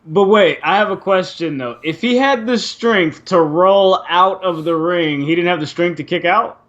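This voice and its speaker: Joking man with a high voice. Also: normal speed, fairly bright tone, dull audio. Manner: laid-back, joking, laughs between lines. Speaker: podcast co-host. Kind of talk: casual wrestling recap chat.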